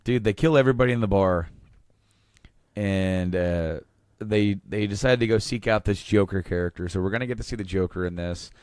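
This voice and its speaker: A man co-hosting a podcast, talking casually with a halting, laid-back manner. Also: lowish voice, darkish tone, clean tone, no room sound, clean studio sound. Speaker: podcast co-host. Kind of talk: casual comic book chat.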